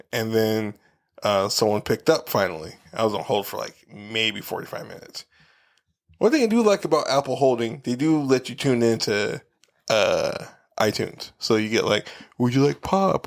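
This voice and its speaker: A man of middling pitch holds forth on a casual podcast, telling his story loosely and with plenty of swearing. He slips into quick impressions of the people he dealt with, his tone jumping up when he gets worked up. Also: vocal fry. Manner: animated storytelling, acting out the people he quotes. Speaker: podcast co-host. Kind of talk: casual profane chat.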